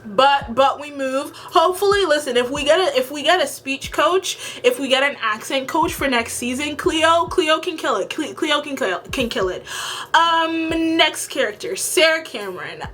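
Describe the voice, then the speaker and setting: A woman's voice: high voice, lively intonation, moderate pace, a bit bright, slight background noise. A woman from the Caribbean giving a frank, opinionated review of a TV series in a casual vlog. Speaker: TV review vlogger.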